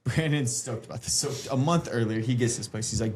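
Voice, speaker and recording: A man co-hosting a casual podcast, cutting in with jokes and quick asides. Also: medium pitch, darkish tone, a little hiss or hum. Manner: joking, quick interjections. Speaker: podcast co-host.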